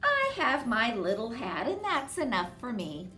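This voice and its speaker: Woman doing a tiny old lady, high voice, exclaiming, scolding, echoey room. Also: sing-song, a little slow, pushed and bright, heavily acted. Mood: firm. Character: tiny, fussy old woman, easily startled but firm. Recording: roomy echo.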